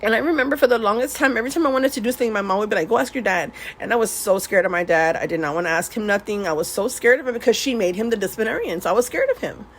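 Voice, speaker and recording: A woman's voice: medium pitch, racing, few pauses. Chatty woman telling stories, rambling. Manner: rambling, laughs often, swears, mixes in Spanish words. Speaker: vlogger. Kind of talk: casual storytelling while swatching paints.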